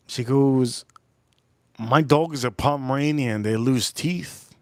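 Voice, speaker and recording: A man's voice: mid-range voice, unhurried, no echo, clean studio sound. A man hosting a livestream, telling a rambling, crude story in a casual way and repeating himself as he goes. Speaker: livestream host.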